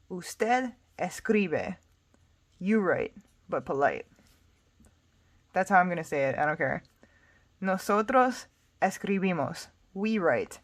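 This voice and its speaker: Patient woman tutor, slow delivery, slightly low voice, casual asides between drills. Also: dry recording. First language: English. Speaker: Spanish tutor. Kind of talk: recorded language lesson.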